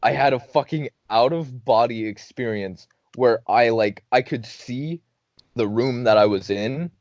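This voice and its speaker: A man's voice: medium pitch, measured pace, no echo, dull audio. A young man hosting a podcast, telling a funny story casually, cursing often and laughing as he goes. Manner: laughing, profane, animated storytelling. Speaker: podcast host.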